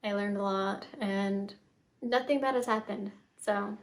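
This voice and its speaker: A young woman telling her own story in a vlog, soft and halting, with many fillers and restarts. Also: mid-range voice, fairly even intonation. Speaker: vlogger.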